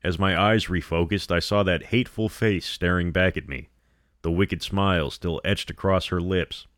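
Here a man whose voice sits very low reads out a scripted horror tale, keeping his delivery even and controlled. There's no echo; the sound is close and dry.

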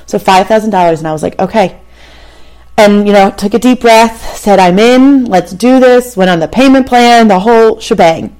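A woman's voice: mid-range voice, a little fast, few pauses, darkish tone. A woman in her thirties hosting a show, telling a personal story in a candid, conversational way and addressing the listener directly. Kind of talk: casual storytelling monologue.

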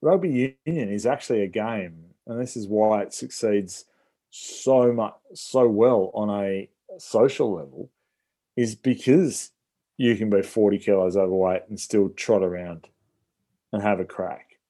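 A man's voice: lowish voice, a little slow, warm tone. A man chatting casually about sport, with lots of "like" and "you know".

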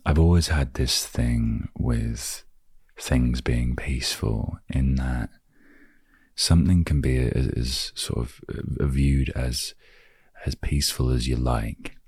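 Very deep, slow, husky male podcaster. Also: no room sound, studio quality. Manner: soft, unhurried and reflective, trailing into near-whispers. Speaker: podcast host. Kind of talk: calm solo podcast, reading aloud and musing.

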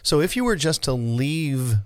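An easygoing man co-hosts a podcast, answering in short, relaxed replies. His voice is recorded close and dry, with no room sound. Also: fairly high pitch, measured pace, no echo. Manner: easygoing, brief agreeing replies. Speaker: podcast co-host. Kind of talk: casual podcast chat.

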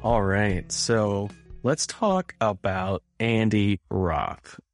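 A man's voice: lowish voice, very slow, over music. A man co-hosting a podcast, talking in an easygoing way with lots of "like" fillers. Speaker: podcast co-host. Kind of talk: casual podcast chat.

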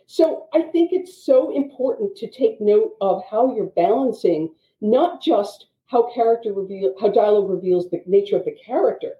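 A woman teaching writing craft, explaining in an animated way with quick asides. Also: medium pitch. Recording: dull, echoey audio.

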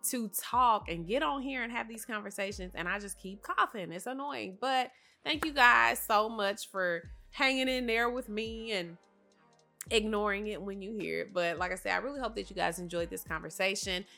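A woman's voice: medium pitch, lively intonation, normal speed, gravelly, pushed and bright, soft background music. A woman hosting a solo motivational talk, speaking earnestly and directly to her listeners, her voice a bit nasal and congested from a cough. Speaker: podcast host.

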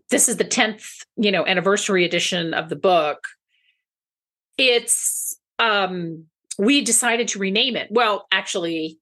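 A woman's voice: on the low side, a bit bright. A woman co-hosting a podcast, chatting in a rambling, friendly way, often restarting her sentences. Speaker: podcast co-host. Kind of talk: casual podcast chat.

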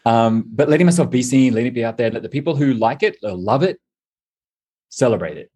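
A man's voice: mid-range voice, animated, mellow, slightly rough. A man chatting casually as a guest on a podcast, talking freely and laughing often. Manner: chatty, laughs often, quick bursts of delight. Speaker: coaching client, guest.

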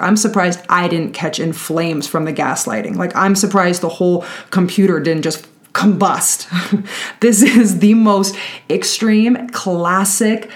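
Exasperated woman telling a story. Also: medium pitch. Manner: animated, exasperated, swears freely. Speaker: podcast host. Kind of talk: casual storytelling.

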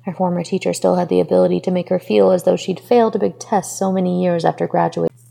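A woman reading a fan fiction story aloud with expressive narration. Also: lowish voice, fast, creaky, in a large hall.

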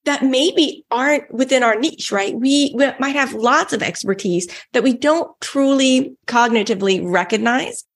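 A woman's voice: sits high, moderate pace, hardly any pauses. A woman with a Texan accent, telling an enthusiastic story as a podcast guest and speaking casually with lots of "like"s. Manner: chatty and enthusiastic, many "like"s. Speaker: guest giving a testimonial.

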